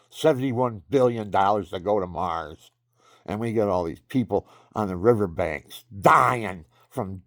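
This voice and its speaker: Man, low gravelly voice, dry close sound, rambling talker who gets preachy. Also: dry recording. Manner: rambling, swings into excited preaching. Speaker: video maker. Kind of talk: rambling monologue.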